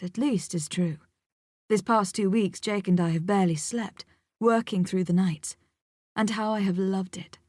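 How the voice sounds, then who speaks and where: A woman narrating a first-person audiobook in a measured, reflective way, with a close studio mic. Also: mid-range voice, a little mellow, no echo.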